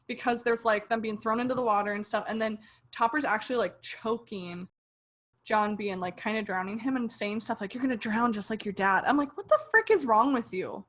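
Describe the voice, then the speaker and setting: Her voice a little high and fairly bright, a young podcast co-host chats casually about a TV show. She recounts an episode with animation, performing her reactions as she goes.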